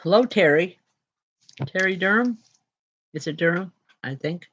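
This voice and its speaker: A tired woman medium giving live spirit readings to viewers, chatty and unhurried with frequent restarts. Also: fairly low pitch, lively intonation, a bit bright, lo-fi sound.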